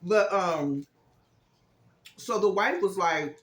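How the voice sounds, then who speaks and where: A woman with a lowish voice speaks slowly in an echoey room, recapping a movie plot for her casual vlog. She's chatty, acts out the characters' lines with emphasis, and leans on fillers like "um" and "this, this, and that."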